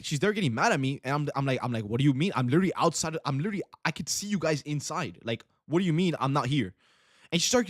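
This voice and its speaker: Young man, fast casual chat, bro-heavy rambling, dry close sound. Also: a little high, no room sound. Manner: rambling, says bro a lot. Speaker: livestream host, day trader.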